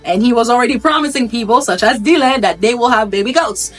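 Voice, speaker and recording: Chatty female storyteller, casual, with many asides, fairly high voice. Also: lively intonation, quick pace, faint music behind.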